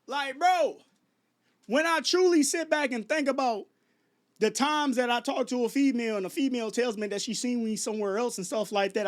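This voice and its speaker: Speaking fairly quickly in a very high-pitched voice, this man in his 30s from Chicago is a vlogger delivering a late-night rant to his viewers. He keeps stumbling over restarts and tossing out rhetorical questions.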